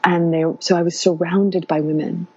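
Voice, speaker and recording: A woman guest telling her own story in a casual, halting way, with many fillers and restarts. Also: on the low side, level tone, warm tone, slightly rough, dull audio.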